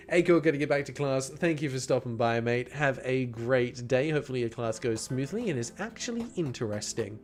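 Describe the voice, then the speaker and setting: A man's voice: medium pitch, animated, fairly quick, few pauses. A man casually commenting on a horror game he is streaming, playful and chatty with his viewers. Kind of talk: gaming livestream commentary.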